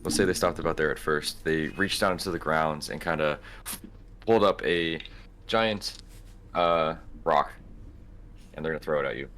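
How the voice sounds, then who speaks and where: A man narrating a tabletop game as game master, relaxed and halting, with many fillers. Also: a bass voice, slight background noise.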